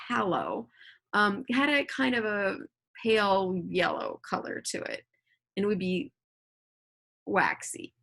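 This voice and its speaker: A woman's voice: mid-range voice, vocal fry, a bit bright, breathy edge. A woman teacher reading a novel aloud at home and explaining it to her students in a casual, chatty way with frequent check-ins. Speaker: middle school teacher.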